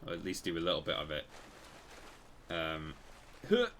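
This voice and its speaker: A man's voice: deep voice, steady tone, normal speed, slight background noise. A man casually commenting while he plays a game on a live stream, rambling and correcting himself as he tells stories. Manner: rambling, self-correcting storyteller.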